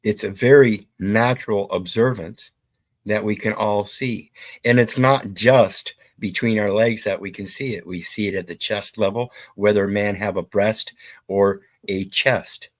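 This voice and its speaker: A man in a low voice gives blunt, preachy commentary, dropping profanity now and then. The sound is dry and close, with no room behind him. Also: fairly even intonation, unhurried, dry recording. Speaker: commentary host. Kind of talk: opinionated commentary.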